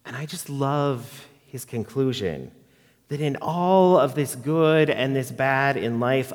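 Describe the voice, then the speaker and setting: A man giving a sermon and reading a poem aloud, in a slow, reflective and expressive way, in a church. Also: mid-range voice. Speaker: preacher. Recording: long reverb of a large hall.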